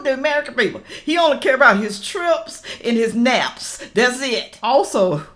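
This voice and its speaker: A woman giving a casual reaction commentary, talking straight to her viewers in an animated, ranting way and laughing between remarks. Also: high-pitched, normal speed, hardly any pauses. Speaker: political reaction vlogger.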